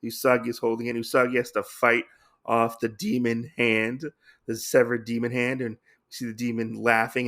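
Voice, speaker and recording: A man's voice: medium pitch, creaky, a bit bright. Rambling man recapping a comic. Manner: rambling, many fillers and restarts. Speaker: podcast host. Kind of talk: casual comic book recap.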